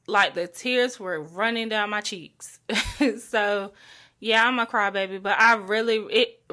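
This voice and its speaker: A woman's voice: medium pitch, sharp tone. A young adult woman hosting her own podcast, talking chattily and from the heart with lots of likes and ums. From North Carolina. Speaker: podcast host. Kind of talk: solo podcast monologue.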